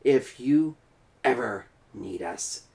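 A man doing a raspy pirate captain. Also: medium pitch, animated, slow, darkish tone. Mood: gruff. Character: gruff bearded male pirate captain. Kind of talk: children's picture book reading.

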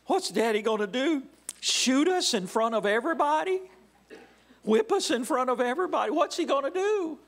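A man's voice: extremely high pitch, lively intonation, moderate pace, fairly bright tone, voice pushed up, heavily acted. A man voicing frightened little boys who think they are in trouble with their father, firing off anxious questions. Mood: scared.

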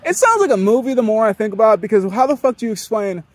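High-voiced young man, rambling and profane. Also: big pitch swings, very fast, darkish tone. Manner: rambling, profane, laughs often. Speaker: podcast host. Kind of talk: casual monologue.

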